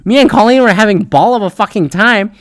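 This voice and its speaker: Young guy, casual profane storyteller, clean resonant voice pitched a bit high. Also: fairly quick, no echo, studio quality. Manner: rambling, heavy swearing, frequent fillers.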